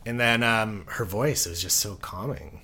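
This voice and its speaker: A man answering interview questions in a casual podcast chat, easygoing and soft-spoken, chuckling now and then. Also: fairly low pitch, measured pace, gravelly, husky. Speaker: podcast producer guest.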